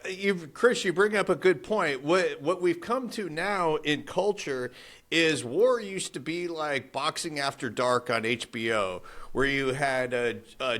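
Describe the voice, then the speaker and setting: A man co-hosting a casual podcast, talking in an animated way and mimicking other voices mid-story. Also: medium pitch, measured pace. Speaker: podcast co-host. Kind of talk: casual chat.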